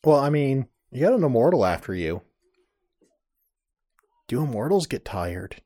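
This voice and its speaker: A man on a casual podcast whose pitch swings widely as he talks. He jumps in with quick, joking remarks, and the recording is dry and close. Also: sing-song, dark tone, dry recording. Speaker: podcast co-host.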